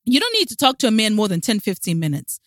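A woman at a mid pitch who talks with an audible smile, coaching her listeners and leaning on rhetorical questions. Her delivery is emphatic and direct. The recording is close and dry, with no room sound. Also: wildly swooping pitch, quick pace, no echo. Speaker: dating advice coach. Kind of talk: direct-to-camera advice talk.

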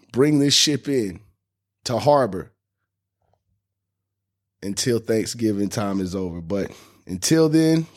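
A man's voice: medium pitch, a little mellow. Fired-up man ranting on a podcast. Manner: heated, indignant, cursing freely. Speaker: podcast host. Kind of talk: fan sports podcast rant.

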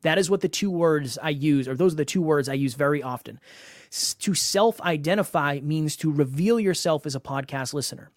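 A man delivering a solo podcast monologue in a slightly high voice, recorded close and dry. He coaches with emphatic, repeated words for stress. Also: fairly quick, no room sound.

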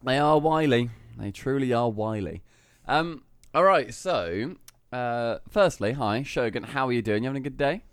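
A man hosts a podcast in loose, cheeky banter. His pitch swings about a lot as he talks. The sound is dry and close to the mic. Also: moderate pace, clean tone, dry recording. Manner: cheeky, lively banter with swearing. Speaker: podcast host. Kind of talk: casual podcast chat.

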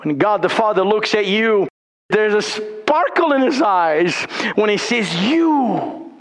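A male pastor preaching a sermon with passion, rising to urgent peaks and dropping to slow, hushed low phrases. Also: animated. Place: church sanctuary. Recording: long hall reverb.

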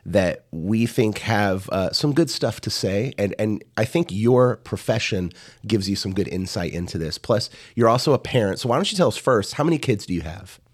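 A man's voice: fairly low pitch, lively intonation, moderate pace, no room sound, clean studio sound. A man co-hosting a podcast in casual chat, congested, joking and restarting often. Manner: chatty, joking, with frequent restarts. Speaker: podcast co-host.

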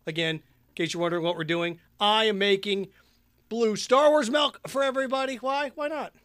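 Chatty man with a high voice. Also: sharp tone, dry recording. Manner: jokey and rambling, hums and sings along. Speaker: podcast host. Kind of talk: casual chat while mixing a drink.

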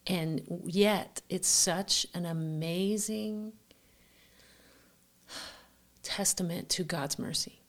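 A woman from the United States speaking earnestly and reflectively in a faith conversation, measured with some hesitations. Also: on the low side.

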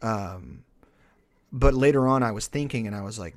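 A man's voice: on the low side, normal speed, dry recording. Profane rambling man telling a story. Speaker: podcast host. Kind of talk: casual storytelling chat.

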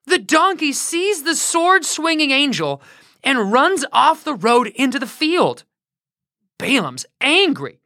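A woman telling a Bible story for children in an animated way, often asking her listeners questions. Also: high voice, slow pace, no echo, clean studio sound.

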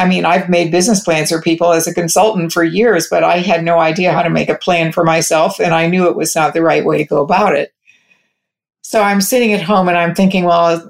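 This interview guest is a woman whose voice sits on the low side with noticeable vocal fry. She tells the interviewer a personal story in a rambling way, starting sentences over and repeating others' words as quoted dialogue.

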